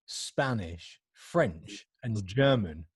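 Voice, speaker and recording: A man's voice: lowish voice, expressive, very slow, slightly rough. A British man hosting an interview, teasing his guest in a jokey way and laughing often. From United Kingdom. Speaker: host. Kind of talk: casual interview chat.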